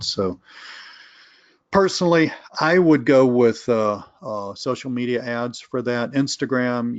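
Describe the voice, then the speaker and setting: A middle-aged man with a lowish voice hosts a casual live webinar Q and A, thinking aloud through rambling answers full of restarts and candid asides. The sound is dry and a little dull, like lo-fi webinar audio. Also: no room sound. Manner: candid, self-aware asides. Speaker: webinar host answering viewer questions.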